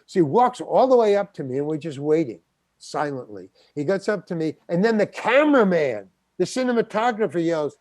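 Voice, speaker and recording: An older man, a guest actor, telling a story in an interview, animated, stammering and acting out the other people's voices. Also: fairly high pitch, brisk, dry recording. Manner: animated, acts out quoted voices, stammers and restarts.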